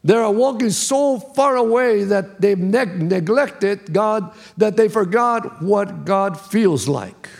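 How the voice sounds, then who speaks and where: A man's voice: sits high, expressive, slow pace, vocal fry, few pauses. A man preaching as a pastor, in an emphatic style with a lot of repetition. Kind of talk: sermon.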